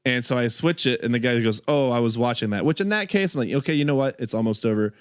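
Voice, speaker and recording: A man's voice: medium pitch, animated, fast talker, clear, resonant tone, dry recording, clean studio sound. A man co-hosting a podcast in casual chat, laughing often as he tells stories. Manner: laughs a lot, tells stories with acted quotes. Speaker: podcast co-host.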